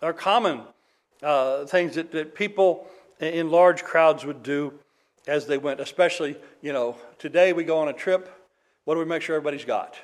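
A man's voice: on the high side, normal speed. A man preaching a sermon in a conversational way, with dry humor, reading scripture aloud. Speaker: pastor.

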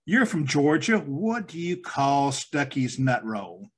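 A man's voice: medium pitch, sing-song, breathy edge. Genial male podcast host. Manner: genial, laughs often, some halting restarts. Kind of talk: interview podcast.

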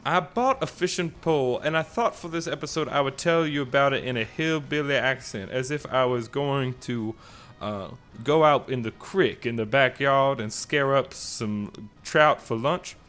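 A man putting on a genteel Southern gentleman voice. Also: mid-range voice, moderate pace, lightly acted. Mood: mock-genteel. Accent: put-on American Southern. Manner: mock-dignified, drawling, jokey. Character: refined adult male Southern gentleman. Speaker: podcast co-host.

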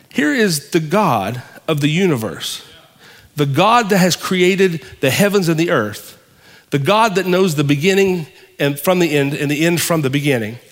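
A male pastor delivers a fervent sermon, stacking phrase on phrase in rhythmic lists. His voice is fairly high for a man, and it carries through a space with a long, lingering reverb.

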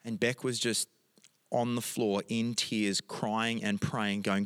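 A man's voice: mid-range voice, steady tone, unhurried, fairly bright tone, big-room sound. A middle-aged man, a pastor telling a family story in a sermon and moving into emphatic prayer.

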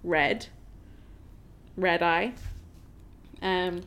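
A woman's voice: lowish voice, extremely slow, a bit bright. A woman co-hosting a podcast, chatting casually and playfully about a film, often laughing. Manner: giggly, playful, jokey. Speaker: podcast co-host. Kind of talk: casual film-review chat.

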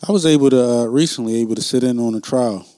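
A man hosting a casual podcast conversation, speaking in a relaxed way. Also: mid-range voice, quick pace, no echo, studio quality. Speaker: podcast host.

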